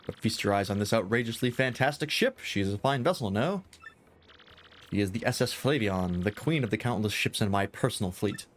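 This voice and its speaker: A man's voice: fairly low pitch, expressive, a little fast, slight background noise, lightly acted. Man doing a pompous rich adventurer. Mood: boastful. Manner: grandiose, flowery and theatrical. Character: pompous wealthy male adventurer-merchant. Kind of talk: reading game dialogue aloud with voices.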